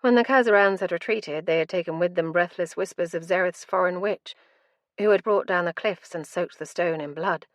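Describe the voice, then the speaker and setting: Low-voiced woman narrating a dark fantasy audiobook. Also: normal speed, no echo, studio quality. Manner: dramatic, intense storytelling.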